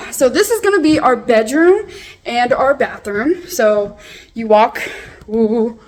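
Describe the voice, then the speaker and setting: A young woman giving an excited, gushing tour of her new mobile home, filming on a handheld phone. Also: fairly high pitch, slow pace. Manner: gushing, excited, lots of fillers and swearing. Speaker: vlogger giving a house tour. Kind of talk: casual house tour narration.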